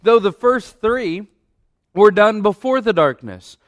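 A man's voice: high-pitched, animated, takes it slowly, no room sound. A man preaching a sermon from a church stage, emphatic and repeating key phrases for weight.

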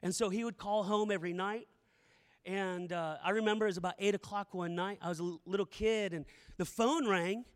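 A man's voice: high voice, steady tone, brisk, long reverb tail. A middle-aged male pastor preaching a sermon, telling the story dramatically and repeating phrases for emphasis.

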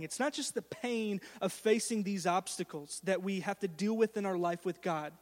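A man in his thirties delivers an earnest, storytelling sermon with emphatic stresses. His voice sits high for a man. The sound rings out with a long reverb, as in a large church hall. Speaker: pastor.

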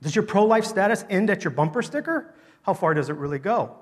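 A man preaching a sermon, telling a story with lively emphasis that swings between loud, emphatic lines and quiet, soft ones. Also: high-pitched, a little fast, breathy edge. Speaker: pastor. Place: church sanctuary. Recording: long hall reverb.

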